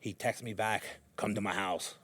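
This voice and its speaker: A man's voice: on the low side, moderate pace, breathy edge. A man in his thirties hosting a podcast, telling a long story in casual chat, acting out quotes and saying "bro" a lot. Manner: animated, acts out quotes, says bro a lot. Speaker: podcast host.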